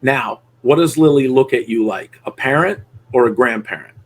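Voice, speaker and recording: In a mid-range voice at normal speed, a middle-aged dog trainer runs a live coaching session. He's blunt and foul-mouthed with his student, impersonating dogs and people in different voices.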